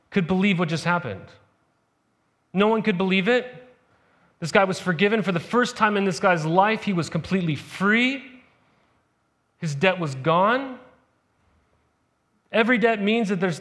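A young adult male pastor preaches a sermon, retelling a parable in a lively, conversational way and tossing casual asides to the congregation. His voice is high, his pace moderate, and he takes long pauses.

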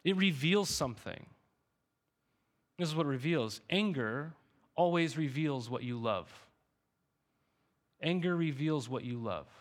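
A male pastor delivering a sermon in a relaxed, conversational manner. His voice sits a little higher than most men's. He keeps drawing the congregation in with quick rhetorical questions. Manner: conversational, repeats "right?" to the congregation.

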